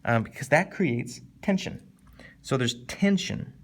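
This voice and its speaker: A man teaching a casual, animated literature lesson, jumping up in pitch to stress points and slowing down to read poem lines. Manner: animated, conversational, with sudden lifts in pitch for emphasis; reads poem lines slowly and deliberately.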